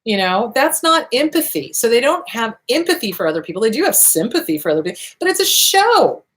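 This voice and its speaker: A woman's voice: sing-song, fast talker. A woman hosting an advice show, answering viewer questions in a blunt, emphatic way, repeating short commands for emphasis. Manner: acts out quoted voices with big pitch swings. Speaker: host answering viewer questions on abuse recovery. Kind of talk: casual advice talk.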